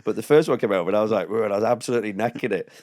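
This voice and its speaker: A man chatting as a podcast guest, telling lively stories, laughing often and imitating other people. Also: fairly low pitch, rapid-fire. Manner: animated storyteller, laughs often, mimics others. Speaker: comedian guest. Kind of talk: casual chat.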